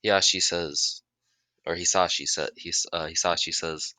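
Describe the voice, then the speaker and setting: Deep-voiced man improvising a fan story. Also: fairly even intonation, sharp tone, no room sound. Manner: halting, many restarts, making it up as he goes. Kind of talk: improvised fan-fiction narration.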